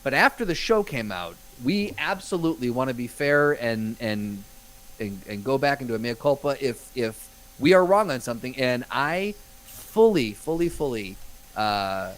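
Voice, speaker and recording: A man co-hosting a podcast in casual chat, upbeat and quick to egg his partner on. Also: medium pitch, big pitch swings, poor audio. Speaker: podcast co-host.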